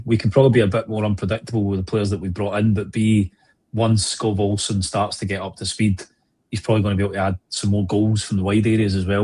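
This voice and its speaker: Flat-voiced man hosting a podcast. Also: lowish voice, husky. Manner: measured, steers talk to co-hosts by name. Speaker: podcast host. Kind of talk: casual football podcast chat.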